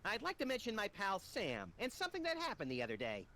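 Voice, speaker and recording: A man's voice: high-pitched, huge pitch swings, fast, pushed and bright, heavily acted. A man voicing a manic, gleefully violent male rabbit in a comedy adventure game.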